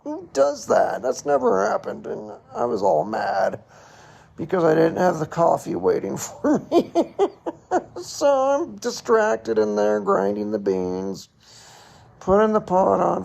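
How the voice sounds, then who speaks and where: A middle-aged man hosting a podcast, telling a personal story in a slow, reflective way with short laughs. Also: sits high, very animated, a little mellow. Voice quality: gravelly, husky. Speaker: podcast host.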